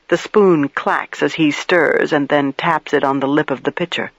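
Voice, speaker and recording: A man with a slightly high voice reading a crime audiobook in measured first-person narration. The recording is dry with no room sound and a little dull on top. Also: steady tone, creaky, a bit bright, dry recording. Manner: measured, storytelling.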